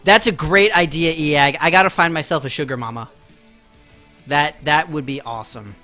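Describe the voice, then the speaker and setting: A man's voice: on the high side, moderate pace, bright, forceful tone, soft background music. A man live-streaming a video game, chatting casually and mocking himself to his viewers while he plays.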